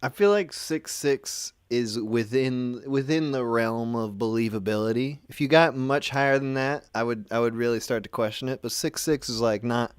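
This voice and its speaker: A man's voice: medium pitch, moderate pace, hardly any pauses, clean tone, no echo. A man hosting a call-in show, chatting casually on a close mic and joking with crude, teasing humor. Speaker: host.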